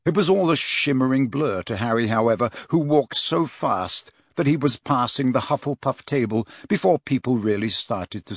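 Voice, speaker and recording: A man reading an audiobook as narrator, in steady, measured storytelling. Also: medium pitch, dry recording, studio quality. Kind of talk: scripted narration.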